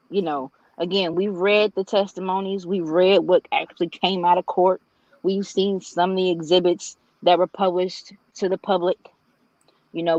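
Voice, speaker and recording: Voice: medium pitch, dry recording. A guest on a video call in casual chat, talking in a rambling, emphatic way and playfully repeating points. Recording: dull, dry video call audio.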